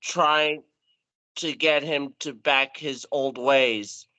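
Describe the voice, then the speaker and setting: A man answering interview questions hesitantly, pausing to search for words. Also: mid-range voice, fairly even intonation, pushed and bright, slight background noise, poor audio. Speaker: guest.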